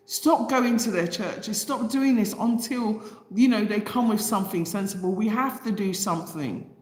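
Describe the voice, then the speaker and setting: A woman with a slightly mellow, mid-range voice speaks at normal speed while reading out viewer comments on her livestream. The chat is emotional and impassioned, aimed straight at her viewers, and a long, roomy reverb echoes around her.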